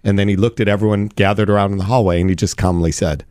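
A man's voice: fairly low pitch, fast talker, hardly any pauses, no room sound, studio quality. A man co-hosting a talk show, telling stories in a casual, teasing way. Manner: animated storyteller, teasing. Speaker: radio show co-host. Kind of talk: casual chat.

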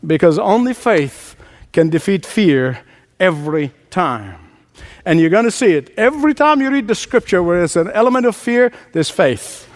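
Man, preacher, sermon, high voice, emphatic, repetitive, laughs often. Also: lively intonation, moderate pace. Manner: emphatic, repeats key phrases, laughs often.

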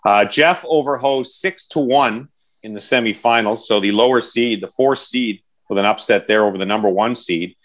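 A man's voice: on the low side, normal speed, a bit bright. A man hosting a podcast in casual chat, rambling, correcting himself and joking with his co-hosts. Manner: rambling, self-correcting, jokey. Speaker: podcast host.

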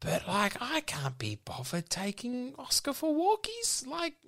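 A man playing a nervous young pitching a silly dog business, who rambles and keeps restarting. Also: wildly swooping pitch, measured pace, creaky, a bit bright, full character voice. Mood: rambling. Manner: rambling, restarts again and again, flustered. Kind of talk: improvised comedy sketch.

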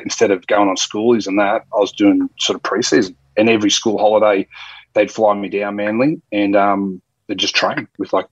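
A husky, fairly low-pitched Australian man in his early forties spins long, rambling anecdotes in casual talk. His voice sounds dry and a little dull, as if on a modest mic. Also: no echo. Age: early 40s. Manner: rambling, with frequent restarts and quoted dialogue. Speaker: former rugby league player, guest. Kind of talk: casual storytelling.

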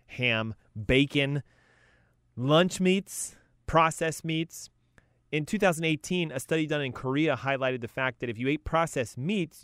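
A man's voice: mid-range voice, fairly bright tone, smooth, dry recording, studio quality. A man hosting a health talk as a coach, emphatic and punchy, rattling off lists. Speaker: health coach and show host.

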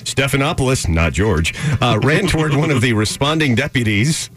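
A man's voice: mid-range voice, fairly quick, fairly bright tone, soft background music. A man, a radio show co-host, reading an odd news story in a mock newscaster voice and often laughing. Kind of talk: casual banter reading news.

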